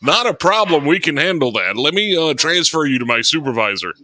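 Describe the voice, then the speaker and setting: A man's voice: a little high, very animated, brisk, pushed and bright, no echo, voice pushed up. A man voicing a pushy male call-center scammer with a put-on Indian accent and broken English, as a comedy bit. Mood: eager.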